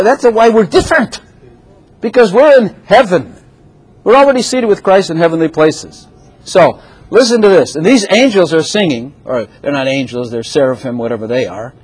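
Man, pastor preaching a sermon, husky voice, slightly high pitch, repeats phrases, laughing asides. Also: a little mellow, low-quality recording.

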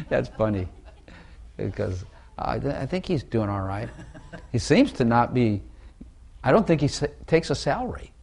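A male preacher delivers an informal, conversational sermon, repeating phrases and quizzing the room with questions. His medium-pitched voice is expressive, creaky, and darkish, with a measured pace and long pauses.

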